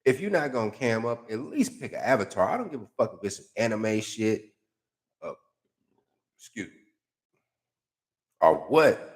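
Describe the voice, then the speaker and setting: A man reading out and mocking comments in casual, profane commentary, with heavy slang and a sarcastic, animated delivery. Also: fairly low pitch, moderate pace, pauses often. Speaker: YouTube commentator.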